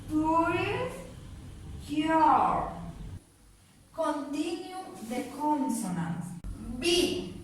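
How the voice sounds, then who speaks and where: Woman, high voice, very slow spaced reading, distant mic in echoey room. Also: a bit bright, a little hiss or hum. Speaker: student presenter. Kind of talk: slow pronunciation lesson.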